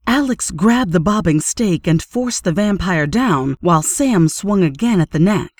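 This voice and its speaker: A woman reading a horror story aloud in steady, measured audiobook narration. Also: fairly low pitch, dry recording, clean studio sound.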